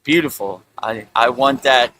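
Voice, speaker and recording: Bright-voiced man rambling casually. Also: mid-range voice, unhurried, a little hiss or hum, poor audio. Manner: relaxed, rambling, many fillers like "you know". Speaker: spiritual teacher and show host. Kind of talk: casual spiritual talk.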